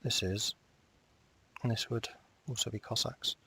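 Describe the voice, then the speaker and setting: A man's voice: medium pitch, steady tone, unhurried, vocal fry, bright, forceful tone, slightly rough. A man casually commenting on his strategy game as he plays, often muttering to himself and talking back to the game. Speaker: strategy game let's player.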